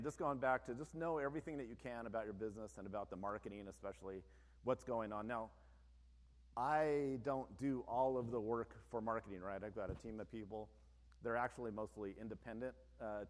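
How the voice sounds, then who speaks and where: A man who owns a business, giving an informal, plain-spoken presentation to an audience, with frequent conversational asides. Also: mid-range voice. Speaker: business owner giving a talk. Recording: long reverb of a large hall.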